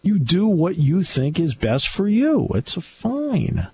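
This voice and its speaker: Sarcastic talk radio host, lively man. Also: sits high, takes it slowly, husky. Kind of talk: opinionated talk radio monologue. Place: radio studio.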